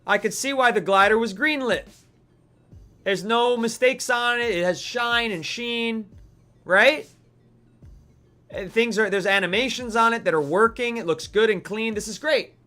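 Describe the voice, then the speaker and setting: High, bright-voiced ranting male streamer. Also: measured pace, faint music behind. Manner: animated, mock-outraged ranting. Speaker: streamer host. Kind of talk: live-stream gaming commentary.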